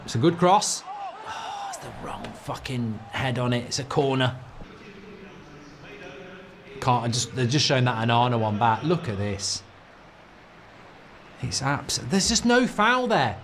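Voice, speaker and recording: A man's voice: medium pitch, huge pitch swings, unhurried, long pauses, a bit bright, slight background noise. A middle-aged man hosting a football fan channel, ranting and swearing through live match reaction commentary.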